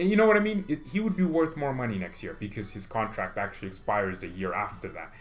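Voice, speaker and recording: A man hosting a football fan channel, talking in a rambling, excitable vlog style full of rhetorical questions. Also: lowish voice, fast talker, hardly any pauses, faint music behind. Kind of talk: casual vlog commentary.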